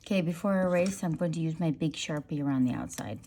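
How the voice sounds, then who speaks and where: A woman's voice: low voice, fast, background noise. A woman leading a casual drawing tutorial, chatty and playful, making silly sound effects as she draws. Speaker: art teacher.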